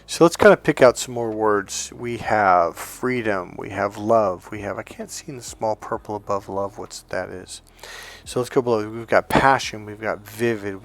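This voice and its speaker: A male dating and relationship coach telling stories in a casual, rambling monologue full of restarts and asides. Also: on the low side.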